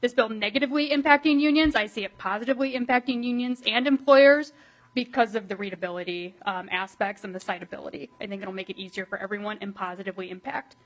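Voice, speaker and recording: A woman, a state legislator presenting a bill at a committee hearing, quick and animated with many fillers. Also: mid-range voice, muffled recording.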